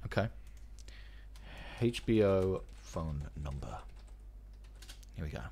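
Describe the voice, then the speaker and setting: A man's voice: low-pitched, animated, slow pace, mellow. A man streaming, chatting casually and ranting in a profane, mock-outraged way.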